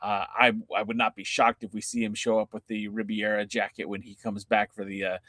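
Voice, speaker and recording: A man's voice: lowish voice, level tone, brisk, a bit bright, dry recording. A man hosting a casual wrestling podcast, chatting easily while he fumbles with clips. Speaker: podcast host.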